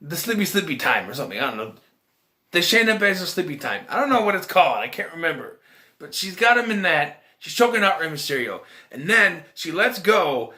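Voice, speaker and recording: A man's voice: on the high side, very animated, fairly quick, sharp tone. A man casually recapping a wrestling event, rambling and chuckling as he tells it. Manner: rambling, chuckling, loose slangy storytelling. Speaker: wrestling vlogger.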